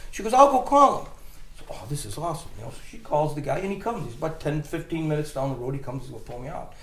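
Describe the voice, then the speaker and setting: Animated man telling a story, echoey room. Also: fairly high pitch, fast. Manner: animated, rambling, restarts and laughs while telling. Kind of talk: casual storytelling chat.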